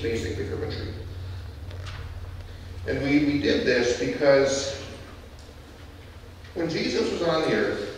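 A male pastor giving a playful, animated children's sermon, leading call and response. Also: medium pitch, a little hiss or hum. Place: large church sanctuary. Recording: echoey church hall from far off.

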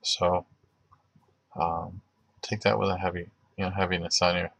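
A man's voice: low voice, flat delivery, normal speed, gravelly, a bit bright. A man hosting a casual faith livestream, chatting loosely with many fillers and restarts, and praying aloud for viewers. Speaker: livestream host. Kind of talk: casual livestream chat with prayer.

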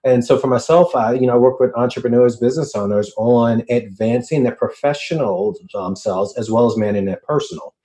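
A man from Richmond, Virginia with a slight Virginia drawl, a coach talking in a chatty, animated way as a podcast guest on a remote call. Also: medium pitch, brisk, hardly any pauses. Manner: animated, chatty, many fillers and restarts. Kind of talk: casual podcast interview.

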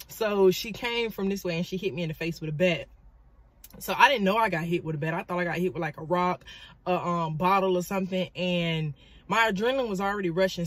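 A woman, from Florida, telling a personal story in a dramatic, animated vlog with frequent asides. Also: lowish voice. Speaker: vlogger and motivational speaker.

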